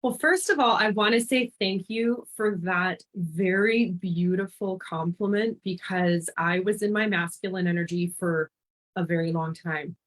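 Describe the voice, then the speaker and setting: A woman's voice: fairly low pitch, a little slow. A woman in her thirties from Canada, a life and business mentor speaking as a guest in a podcast interview, earnest and heartfelt.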